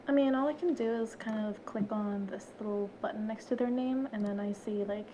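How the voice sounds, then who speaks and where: Giggling as she goes, a young podcast guest in her twenties tells stories in a casual chat, acting out others' quotes with animation. She speaks fairly quickly at a medium pitch, and the rough recording has a little hiss or hum.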